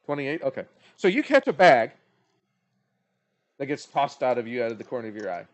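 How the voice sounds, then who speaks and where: A young man narrating as game master of a tabletop game, animated and laughing often. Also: mid-range voice, fairly quick.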